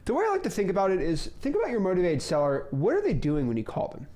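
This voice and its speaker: Young man, lively swooping voice, slightly high, casual coaching lecture, jokey asides. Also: fast. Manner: joking, rambling asides with sudden loud bursts. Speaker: real estate wholesaling coach.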